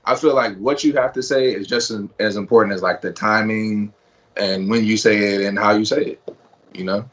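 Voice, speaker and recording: A man's voice: lowish voice, fairly even intonation, moderate pace, fairly bright tone. Blunt slangy man on a panel. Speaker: guest panelist. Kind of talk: casual discussion. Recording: slightly dull audio.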